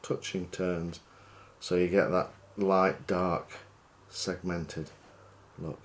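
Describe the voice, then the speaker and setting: A man, working as a fishing guide, talking through a fly tying demonstration in a chatty, relaxed, self-deprecating way. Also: low-pitched, very slow.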